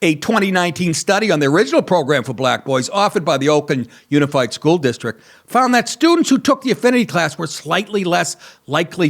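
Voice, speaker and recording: A man in his sixties hosting a comedy talk show, crude and sarcastic, often laughing at his own jokes. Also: fairly high pitch. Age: 60s. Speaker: comedian podcast host.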